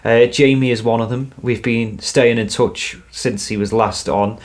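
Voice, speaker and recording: A man's voice: mid-range voice, steady tone, unhurried. Teasing young man co-hosting a podcast. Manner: teasing, playful. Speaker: podcast co-host. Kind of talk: casual chat.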